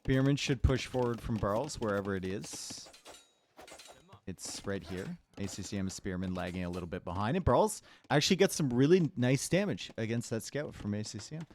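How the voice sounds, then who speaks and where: A man's voice: on the low side, lively intonation, brisk, a little mellow, slight background noise. A man casting a live strategy-game match, laid-back and chatty, teasing his live chat between plays. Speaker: tournament caster. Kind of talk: live esports commentary mixed with chat banter.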